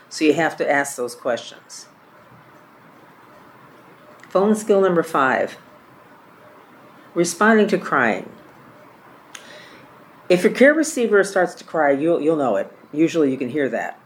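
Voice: medium pitch, very animated, measured pace, long pauses, slight background noise. A trainer teaching a caregiving class from a course book, reading examples aloud and often repeating or correcting their own words.

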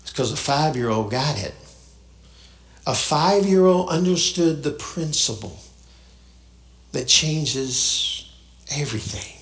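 A man's voice: fairly high pitch, animated, slow pace, long pauses, fairly bright tone, roomy sound. A man preaching a sermon, telling a story in a folksy way and acting out the people in it. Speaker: pastor.

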